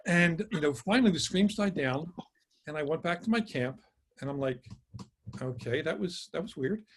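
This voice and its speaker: A man telling a story in a casual chat on a video call, acting out the quotes with lively energy. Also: a little high, moderate pace, slight background noise. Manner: animated, acts out quotes. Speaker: guest author.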